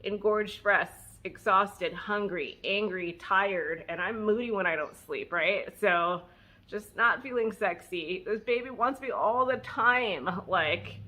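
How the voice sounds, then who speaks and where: Bright-voiced woman telling a candid story. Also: mid-range voice, slow pace. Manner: candid and emotional, with frequent fillers and self-mocking laughs; animated, acting out her own past words. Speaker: vlogger sharing her story. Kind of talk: casual personal storytelling.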